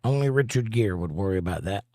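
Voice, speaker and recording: A man's voice: fairly low pitch, animated, fast, warm tone, dry recording, clean studio sound. A man hosting a casual livestream, reading viewer comments aloud and joking back. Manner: joking, wry, laughs at his own jokes. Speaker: livestream host.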